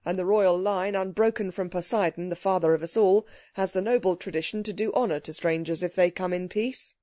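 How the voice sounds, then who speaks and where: A woman voicing a grave male ship captain in a children's storybook, speaking in a measured, formal way. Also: on the low side, warm tone, no echo, studio quality, close to an everyday voice. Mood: solemn. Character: grave ship captain of an ancient city, man.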